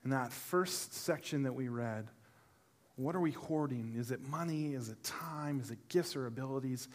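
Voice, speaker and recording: A middle-aged pastor with a somewhat high voice, preaching to his congregation. He tells his stories with animated humor, then eases into a quieter, earnest tone. It is a live church sermon. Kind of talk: sermon with personal storytelling. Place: church service before a congregation.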